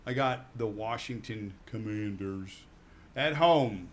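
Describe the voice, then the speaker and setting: A man's voice: on the low side, slow, a little hiss or hum. A man co-hosting a sports radio show, making casual football betting picks with a jokey, self-correcting manner.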